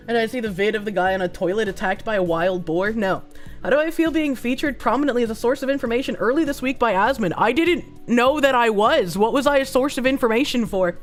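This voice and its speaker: A woman with a hoarse, sick-sounding voice, chatting casually on a live stream as she reads donations, rambling and swearing freely. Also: fairly high pitch, expressive, fairly quick, faint music behind. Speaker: streamer reading chat and donations.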